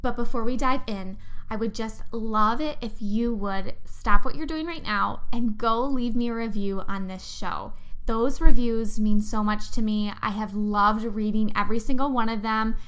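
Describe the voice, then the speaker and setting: A woman's voice: fairly high pitch, moderate pace, fairly bright tone. Enthusiastic woman hosting a motivational podcast. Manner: enthusiastic, heartfelt, speaks directly to listeners. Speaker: podcast host. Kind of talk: upbeat motivational podcast talk.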